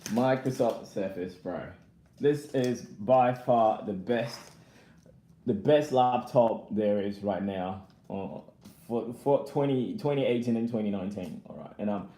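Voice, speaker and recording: In an unhurried, somewhat low and dark voice, a young adult vlogger rambles through a laptop unboxing on a casual live chat. He answers viewer comments and laughs frequently between remarks, and the recording has a roomy sound.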